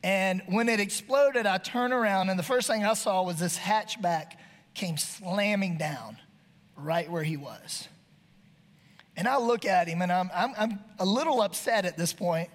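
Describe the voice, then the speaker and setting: A man telling a funny personal story to an audience in a folksy, animated way, acting out his own shouts. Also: sits high, a little slow. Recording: long reverb of a hall.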